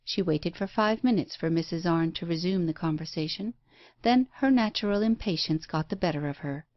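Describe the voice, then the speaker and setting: A woman's voice: fairly low pitch, normal speed, dry recording. Woman reading an audiobook, dry and muffled. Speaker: audiobook narrator. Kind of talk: scripted narration.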